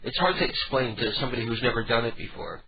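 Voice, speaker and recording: A man hosting a casual late-night radio show, rambling and halting with repeated words, stoned. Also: medium pitch, lively intonation, slightly rough. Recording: dull lo-fi radio broadcast.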